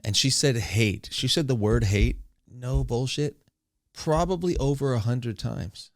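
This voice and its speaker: A man's voice: mid-range voice, a little slow, no echo. A man casually telling a long story, rambling with crude asides and laughs. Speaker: streamer.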